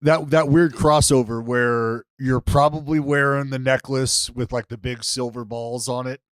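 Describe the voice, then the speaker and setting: A man's voice: medium pitch, steady tone, a little slow, clear, resonant tone, dry recording. A man co-hosting a casual podcast chat, laughing often and swearing casually. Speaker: podcast co-host.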